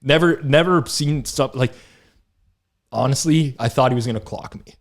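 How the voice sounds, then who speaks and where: A man co-hosting a sports betting podcast, telling stories in a casual, animated way, laughing often and acting out what people said. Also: mid-range voice, normal speed. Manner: animated storyteller, laughs often, acts out quotes. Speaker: podcast co-host. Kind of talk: casual chat.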